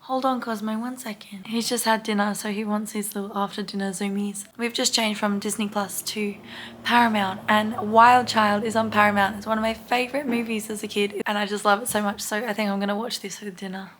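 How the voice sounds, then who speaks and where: A sick young woman with an Australian accent, chatting casually to camera in a rambling vlog full of fillers, sounding hoarse and worn out. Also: mid-range voice, little pitch movement, a little fast, fairly bright tone, a little hiss or hum. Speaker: vlogger.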